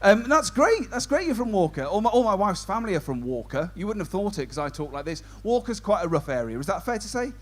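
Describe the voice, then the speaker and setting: A man's voice: high voice, sing-song, fast talker, hardly any pauses. A man compering a stand-up comedy show, doing cheeky banter with the audience. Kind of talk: crowd work stand-up.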